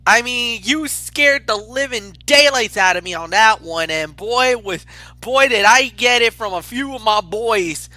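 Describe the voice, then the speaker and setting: Bright, high-voiced excitable man. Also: no room sound. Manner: excitable, rambling, quick restarts. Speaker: co-host picking games. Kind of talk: casual sports picks chat.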